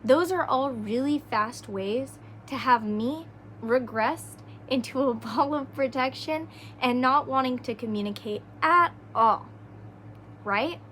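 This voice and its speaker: A woman's voice: sits high, slow pace, fairly bright tone, a little hiss or hum. A woman hosting a podcast, talking earnestly in a casual way and giving relationship advice, often tagging her points with "right?". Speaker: podcast host. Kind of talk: casual solo podcast talk.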